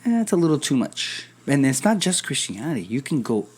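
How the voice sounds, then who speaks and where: Podcast host, young adult man, animated storyteller, casual and profane. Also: medium pitch, a little fast, breathy edge. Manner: animated storyteller, acts out quoted voices, swears casually. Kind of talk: casual chat.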